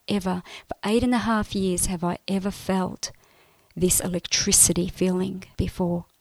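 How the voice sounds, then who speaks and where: A woman telling her personal faith testimony in an earnest, emotional way, often dropping to a soft, breathy voice. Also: lowish voice, no echo.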